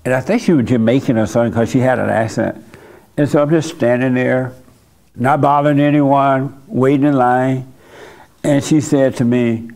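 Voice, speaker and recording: A man leading a church service who preaches through a long, chatty story. His voice sits mid-pitched and ordinary, and he laughs easily as he goes. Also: moderate pace. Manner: storytelling with laughs, casual and animated. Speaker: pastor and host. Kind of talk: sermon.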